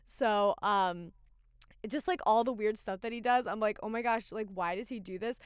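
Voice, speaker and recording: A young woman chatting casually as a podcast co-host, animated and full of "like", slipping into mock voices. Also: mid-range voice, moderate pace, clear, resonant tone, no room sound, studio quality. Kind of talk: casual chat.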